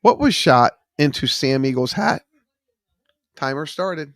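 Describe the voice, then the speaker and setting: With lively intonation and an unhurried pace, a man whose voice is on the high side and fairly bright hosts a trivia stream live from his home studio. He reads chat names and answers aloud, full of ums, and his studio mic picks up no echo.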